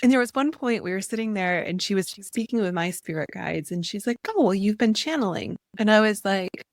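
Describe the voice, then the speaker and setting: A woman's voice: medium pitch, animated, fairly quick, dry recording. A woman guest in a casual interview, talking in an earnest, reflective way. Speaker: podcast guest.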